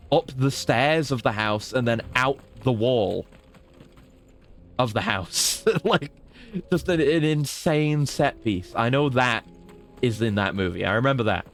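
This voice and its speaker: A man chatting casually while streaming a game, rambling along and laughing at his own dark jokes. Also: mid-range voice. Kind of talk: casual gameplay commentary.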